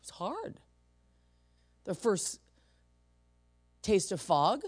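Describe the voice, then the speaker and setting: A woman's voice: mid-range voice, very animated, extremely slow, slightly rough, no room sound. A middle-aged woman from San Francisco preaching a sermon, telling personal stories and acting out the voices she quotes with emphasis.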